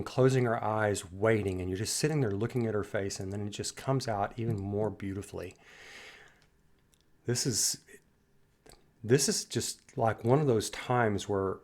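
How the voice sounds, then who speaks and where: A man hosting a music reaction video, talking casually and reflectively, full of admiration, with sentences that trail off into soft pauses. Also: fairly low pitch.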